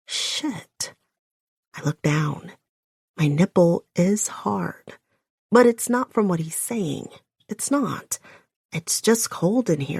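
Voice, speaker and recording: A woman's voice: on the low side, animated, slow, vocal fry, pauses often, a little mellow, husky, no room sound, studio quality. A woman reading a first-person audiobook, breathless and often dropping to a whisper. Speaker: audiobook narrator.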